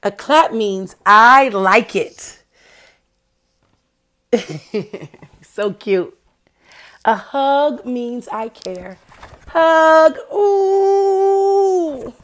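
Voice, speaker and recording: A woman's voice: medium pitch, very slow, long pauses, pushed and bright. A woman reading a picture book aloud to young children in a playful way, asking them questions as she goes. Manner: playful, addresses young listeners directly with questions. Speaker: children's storyteller.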